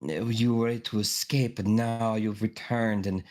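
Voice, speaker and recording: A man voicing an older female fortune teller, mysterious and ominous, with a slow, theatrical put-on accent. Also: fairly low pitch, fairly even intonation, a little mellow, close to an everyday voice. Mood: prophetic. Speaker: game master.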